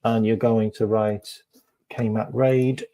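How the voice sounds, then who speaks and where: A male stream host talking casually to his viewers in an unhurried way. His voice is dark and relaxed, and he keeps repeating himself and filling gaps with ums. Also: fairly low pitch. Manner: chatty, full of ums and repeated phrases. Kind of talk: casual live stream chat.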